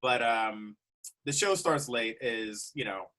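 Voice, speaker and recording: Bright-voiced comedian telling stories. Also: male voice, mid-range voice, slow. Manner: animated, laughing storyteller. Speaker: comedian guest. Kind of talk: casual storytelling chat.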